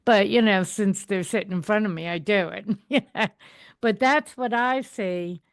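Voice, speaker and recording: A woman hosting a podcast chats casually with her guest, offering frequent small affirmations and sharing her own view. Her voice is mid-pitched and sounds close and dry, with no room echo. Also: moderate pace. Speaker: podcast host. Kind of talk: casual interview chat.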